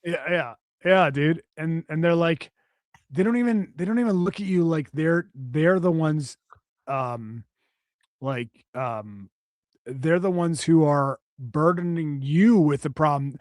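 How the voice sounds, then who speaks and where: A man's voice: on the high side, slow, a little mellow, dry recording, studio quality. Ranting, profane man on a podcast. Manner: profane, ranting, rambling with restarts. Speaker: podcast co-host. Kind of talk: casual podcast chat.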